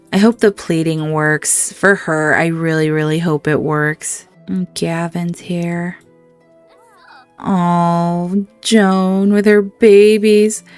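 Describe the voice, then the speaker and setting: A woman's voice: mid-range voice, darkish tone, smooth, no echo. A woman hosting a let's-play, chatting through the game and reacting emotionally to what happens on screen. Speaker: gaming channel host.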